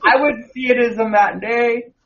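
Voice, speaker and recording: With a very high, slightly bright voice, a man co-hosts a podcast at normal speed and in a steady tone. His casual movie-review talk rambles with frequent restarts and repeated words, and the audio comes through muffled and lo-fi.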